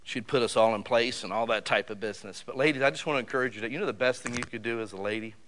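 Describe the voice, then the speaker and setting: Animated preaching man, bright voice. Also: medium pitch, very fast, slight background noise. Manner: animated, loud bursts with sudden drops to quiet. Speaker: pastor. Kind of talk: sermon.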